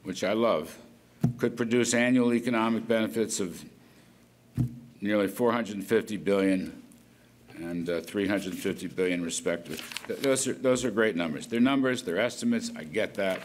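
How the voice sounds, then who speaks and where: A man's voice: on the low side, moderate pace, slight background noise. An older man giving an off-the-cuff policy speech as a government economic official, rambling with folksy asides. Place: conference hall at an event.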